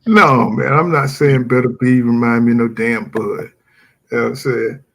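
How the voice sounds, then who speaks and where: A man hosting a relaxed boxing talk show, with a husky, somewhat breathy voice. He talks animatedly and reads viewers' comments aloud between his own opinions. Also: medium pitch, normal speed. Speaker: boxing podcast host. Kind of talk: casual chat.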